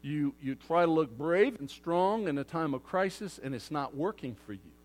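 A man preaching a sermon to his congregation in a lively way, acting out crowd voices and moving from loud outbursts to hushed asides. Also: on the high side, normal speed. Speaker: pastor.

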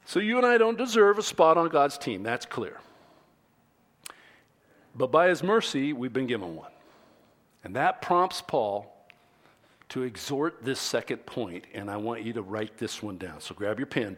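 A man's voice: a little high, sing-song, a little slow, a bit bright. A pastor preaching a sermon in a conversational way, often restarting his sentences and acting out what his listeners might think.

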